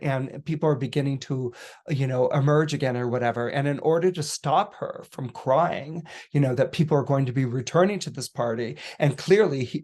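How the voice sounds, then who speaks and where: A man on a podcast retelling a story in a casual, animated way, full of restarts and fillers. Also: fairly high pitch. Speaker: podcast astrologer guest.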